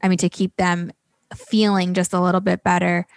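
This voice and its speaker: A woman host speaks supportively in long, run-on phrases. Her fairly low voice has a gravelly fry, and the recording is close and dry. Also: little pitch movement, normal speed, no room sound. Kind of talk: casual interview talk.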